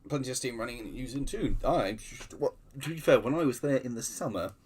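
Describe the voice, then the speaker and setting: Husky-voiced man rambling on a livestream. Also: medium pitch, animated, a little fast, a little mellow. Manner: rambling, self-deprecating, many restarts and fillers. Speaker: livestream host. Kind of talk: casual livestream chat.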